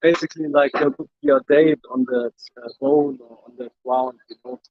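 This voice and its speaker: A man in a casual Bible study group who talks in a halting, hesitant way and reads a verse. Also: mid-range voice, steady tone, dry recording. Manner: hesitant, halting, full of fillers. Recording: dull lo-fi dry live stream.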